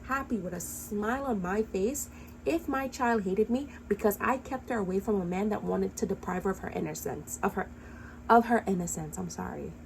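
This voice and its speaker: Woman vlogger, impassioned and profane, mid-pitched, faint room hum behind. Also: vocal fry, a little mellow, poor audio. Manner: angry, impassioned ranting; blunt, profane. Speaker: commentary vlogger. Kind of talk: heated reaction commentary.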